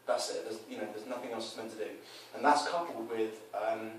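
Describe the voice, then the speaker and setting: A man's voice: lowish voice, fairly quick. Guy explaining dating tips, does little voices for quotes, faint background noise, sounds far off. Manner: animated, acts out quoted lines in changed voices. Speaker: dating coach. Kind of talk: casual explanatory chat. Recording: roomy echo, mic from a distance, faint noise.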